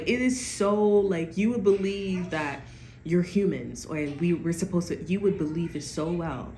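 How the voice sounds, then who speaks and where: Rambling and giggling through a casual tarot reading, this reader curses freely and caps her lines with "okay?". She speaks in a low, slightly mellow voice, and the room sounds echoey with faint background noise.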